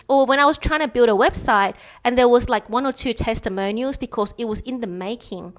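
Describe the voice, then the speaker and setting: A woman's voice: fairly quick, few pauses. A young woman with an Australian accent, talking bluntly and frankly in a personal vlog. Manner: blunt, frank, mimics others in a higher voice when quoting. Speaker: vlogger. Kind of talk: candid personal storytelling to camera.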